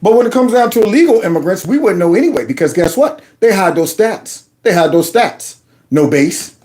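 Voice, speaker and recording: Animated mocking male commentator. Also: high-pitched, fairly quick. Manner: animated, mocking, repeats phrases in a singsong. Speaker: commentary channel host. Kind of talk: political commentary over clips.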